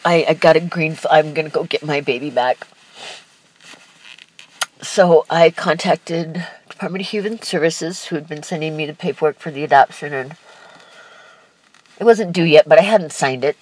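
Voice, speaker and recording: A young woman telling a personal life story candidly, in a halting, emotional way with restarts and sighs. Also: low voice, a little mellow, low-quality recording.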